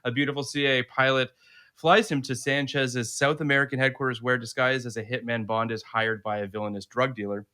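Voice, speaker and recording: A man's voice: medium pitch, level tone, a little fast, pushed and bright, clean tone. A man co-hosting a casual film podcast, laughing often and reading out a synopsis. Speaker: podcast co-host.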